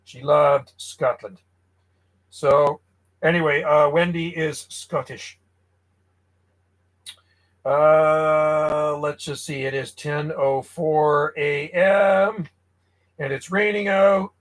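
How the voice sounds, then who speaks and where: A man from Canada chatting and calling stations live from his home radio room as a ham radio operator, friendly and relaxed. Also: a little high, extremely slow, pauses often, rough recording.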